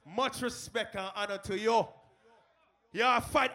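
Shouting, high-voiced clash selector man. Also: steady tone, unhurried, long pauses, faint music behind. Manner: shouting hype talk between tunes. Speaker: sound system selector. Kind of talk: hyping a live sound clash. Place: live dance event.

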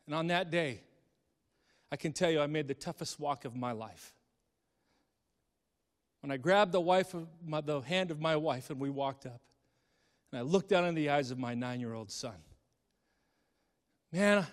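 A man's voice: on the high side, expressive, moderate pace, pauses often. Impassioned man telling a story in a hall. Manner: dramatic, swings from hushed to impassioned. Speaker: speaker. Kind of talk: emotional storytelling sermon.

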